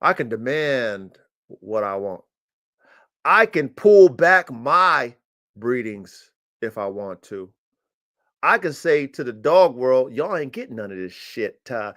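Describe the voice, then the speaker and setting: A man's voice: very animated, a little slow, fairly bright tone. A man hosting a livestream about his working dogs, boastful and profane, speaking. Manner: boastful, swaggering and profane, pitch jumping up when hyped. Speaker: dog breeder hosting a livestream. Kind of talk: casual livestream monologue. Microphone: streaming mic.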